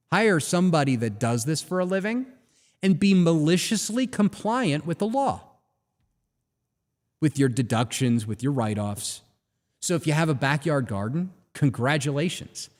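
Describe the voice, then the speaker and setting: A man hosting a live talk show, delivering an animated, ranting monologue full of rhetorical questions. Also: mid-range voice, in a large hall. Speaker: host.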